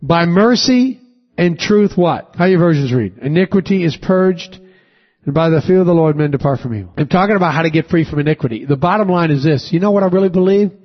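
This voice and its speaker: In a church sanctuary, a pastor with a high-pitched voice and lively intonation preaches, reading scripture and quizzing the congregation. He stresses key words with swelling emphasis, and the sound is a bit dull and lo-fi.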